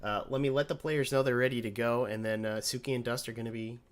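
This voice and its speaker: A man's voice: medium pitch, steady tone, quick pace, a little hiss or hum. A man casting a card game tournament, chatty and joking, who stops to correct himself. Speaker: tournament caster. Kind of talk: casual esports commentary.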